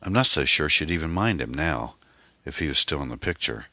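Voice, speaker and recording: A man's voice: extremely low pitch, lively intonation, brisk, bright, forceful tone, no room sound, full character voice. A man voicing a frightened, anxious middle-aged divorced mother in an audiobook, with a pleading manner. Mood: weary. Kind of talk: audiobook character voice.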